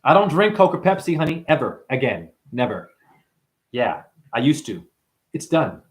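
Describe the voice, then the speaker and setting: A man hosting a livestream and ranting preachily at his viewers, swinging between hushed asides and loud outbursts. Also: mid-range voice, very animated, normal speed. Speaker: livestream host and numerology teacher.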